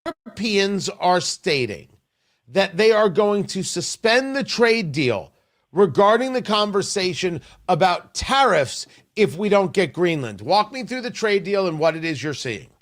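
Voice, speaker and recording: A man hosting a talk radio show, giving emphatic, animated commentary. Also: high voice, a little slow. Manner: animated, emphatic, mocking impressions. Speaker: radio host.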